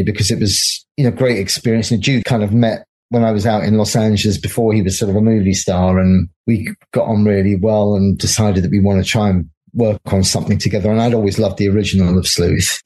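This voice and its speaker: A man's voice: fairly low pitch, a little mellow, breathy edge. A middle-aged man, a graphic designer and film producer, chatting as a guest and telling anecdotes, acting out the voices of the people he quotes and laughing often. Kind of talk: casual anecdote-telling interview.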